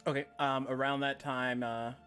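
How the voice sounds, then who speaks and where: A man's voice: medium pitch, level tone, normal speed, fairly bright tone, soft background music. A man narrating as game master of a tabletop role-playing game, casual and laid-back.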